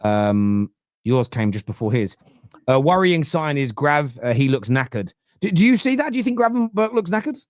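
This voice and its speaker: A man's voice: mid-range voice, sing-song, moderate pace, no echo. Man, podcast host, emphatic, argumentative, repeats words, dry close sound. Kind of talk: casual football podcast debate.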